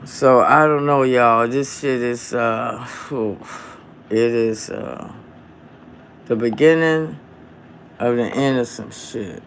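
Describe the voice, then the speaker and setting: A man hosting a live stream from home, talking in a heated, profane, drawn-out rant into his phone. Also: medium pitch, gravelly, a little hiss or hum. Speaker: livestream host.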